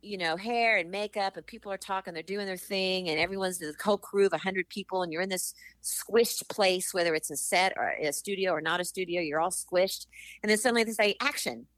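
Middle-aged actress chatting in an interview, acts out quotes, dry sound, no room echo. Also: female voice, mid-range voice, a little fast. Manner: animated storyteller, acts out quotes. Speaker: actress and author. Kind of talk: interview conversation.

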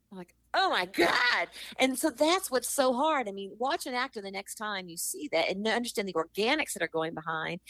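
A middle-aged woman, an actress and author, telling animated stories in an interview and acting out the people she quotes. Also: medium pitch, no echo. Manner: animated storyteller, acts out quotes. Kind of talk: interview conversation.

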